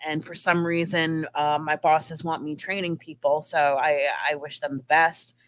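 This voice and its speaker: A woman's voice: low-pitched, level tone, measured pace, fairly bright tone. A woman co-hosting a casual gaming podcast, chatty and giggly as she rambles about her week. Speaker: podcast co-host.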